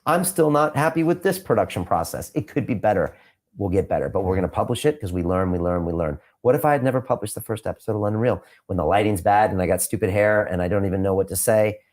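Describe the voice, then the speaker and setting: A man answering interview questions, emphatic and repeating his points for punch, sometimes turning quiet and reflective. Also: low voice. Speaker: podcast host being interviewed.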